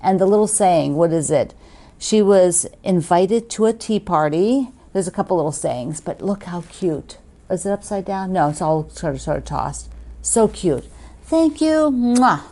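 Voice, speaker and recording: A woman's voice: lowish voice, normal speed, warm tone. A woman hosting a quilting video, chatting casually and gushing as she opens fan mail, laughing often. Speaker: quilting show host.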